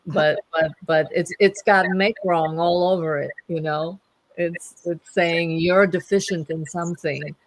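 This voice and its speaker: A woman's voice: fairly low pitch, fairly even intonation, measured pace, no room sound, low-quality recording. A woman in casual conversation who teases in a playful way and laughs often. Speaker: podcast host.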